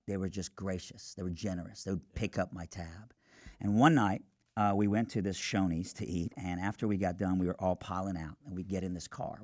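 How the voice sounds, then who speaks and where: Earnest deep-voiced man telling his story. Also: dry recording, clean studio sound. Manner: animated, earnest, quick asides. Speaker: radio show guest. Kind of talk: storytelling testimony. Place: radio studio.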